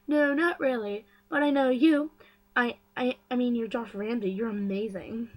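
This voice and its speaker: A woman's voice: a little high, normal speed, close to an everyday voice. A woman voicing an obsessive young male fan who fawns with creepy sweetness. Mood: fawning. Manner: eager, fawning, creepy sweetness.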